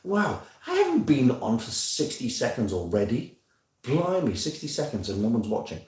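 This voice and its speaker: His pitch swoops wildly around a medium range, at normal speed and with a slightly mellow tone. He's the host of a weekly home live stream, chatty, jokey and self-mocking, teasing viewers as he rambles. A phone on a stand, placed a bit away, picks up a roomy sound.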